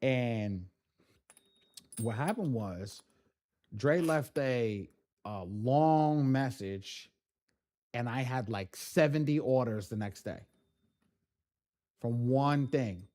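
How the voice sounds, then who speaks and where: A man runs a live training class and drifts into loose, animated stories. His voice sits at an ordinary middle pitch. He swears freely and keeps breaking off his sentences to start them again. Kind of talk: casual live-stream storytelling.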